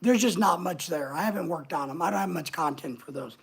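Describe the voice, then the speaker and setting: A woman's voice: on the low side, fairly quick, gravelly, slightly rough. A woman hosting a casual livestream, chatting away and answering viewer comments as they come in. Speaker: livestream host.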